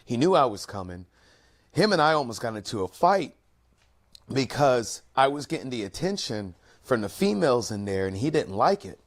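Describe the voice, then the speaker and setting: A man hosting an online talk show, speaking in an earnest, measured way with occasional pauses. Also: mid-range voice, sing-song. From United States. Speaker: host. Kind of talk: casual commentary talk.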